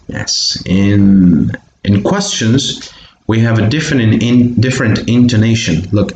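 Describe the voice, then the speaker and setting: Slow Bolivian-accented man teaching English. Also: fairly low pitch, darkish tone, lo-fi sound. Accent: Bolivian Spanish. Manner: patient, repeats example sentences slowly for pronunciation. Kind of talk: recorded online English lesson. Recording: echoey room, faint background hiss.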